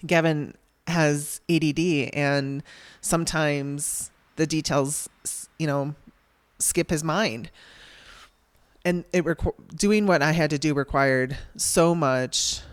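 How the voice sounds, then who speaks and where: A woman's voice: sits low, dry recording. A middle-aged woman hosting a podcast, frankly telling a hard personal story with wry laughs and the odd swear word. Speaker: podcast host.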